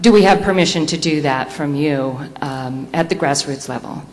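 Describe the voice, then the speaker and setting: Woman from small-town Missouri, audience question, lowish voice, long hall echo. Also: normal speed. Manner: hesitant, with frequent fillers. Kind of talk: question from the floor. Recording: reverberant hall, faint noise.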